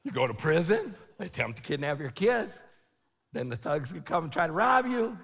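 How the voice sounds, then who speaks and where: A middle-aged man preaches to a large crowd, telling a story with lots of energy and shouting at the high points. His voice sits high and swings widely in pitch. A long reverb from the big conference hall trails his words. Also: a little fast, vocal fry, slightly rough. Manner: animated, shouting at the peaks, laughing, quoting himself. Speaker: conference speaker. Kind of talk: storytelling sermon.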